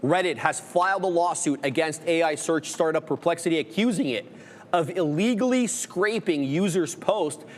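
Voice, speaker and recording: A man hosting a live trading show, reading market news briskly with sarcastic asides, in a reverberant studio. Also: on the high side, slight background noise. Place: studio under construction.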